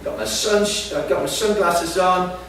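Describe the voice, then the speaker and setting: A man's voice: high-pitched, fairly even intonation, moderate pace, fairly bright tone. A man giving a sermon, telling a humorous, self-deprecating story to an audience in a large hall. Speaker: preacher. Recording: echoey hall, distant mic, background noise.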